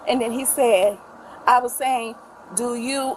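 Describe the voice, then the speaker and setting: A middle-aged woman with a somewhat high voice gives police her account of a fight at home. She rambles through the story and acts out everyone's lines. It is caught on a body camera with a light hiss behind her. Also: slow, rough recording. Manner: talkative, retells quoted dialogue at length. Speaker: mother making a police report. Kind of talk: recounting an incident to police.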